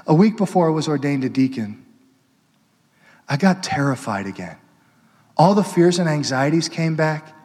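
A man, a Catholic priest, preaching a sermon with passion, building to loud urgent peaks and dropping to hushed, intimate pleading. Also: a little high, lively intonation, normal speed, pauses often. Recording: long hall reverb.

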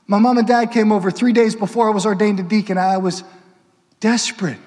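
A Catholic priest, a man, preaches with fervor, his fairly high voice climbing into urgent, emphatic surges before sinking to a soft, pleading hush. His words ring out with the long reverb of a large church hall. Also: expressive, brisk. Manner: impassioned, swinging from loud urgent build-ups to hushed intimate pleading. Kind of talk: sermon.

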